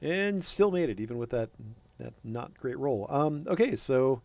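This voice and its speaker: A man running a tabletop game as game master, talking in a rambling, hesitant way with many pauses. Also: medium pitch, expressive, gravelly, darkish tone, no room sound. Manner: rambling, hesitant, lots of ums.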